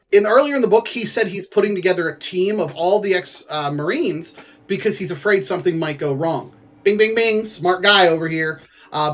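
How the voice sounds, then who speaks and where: A man with a notably high voice casually retells a story from a book, rambling through it with plenty of filler words. He breaks off now and then into playful asides to his viewers, talking from home. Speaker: book recapper.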